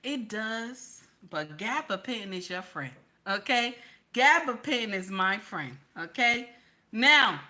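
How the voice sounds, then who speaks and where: A woman hosting a casual livestream chat, animated and playful, teasing her viewers and tossing in "okay?" again and again. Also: fairly high pitch, unhurried. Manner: keeps repeating "okay?". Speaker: livestream host.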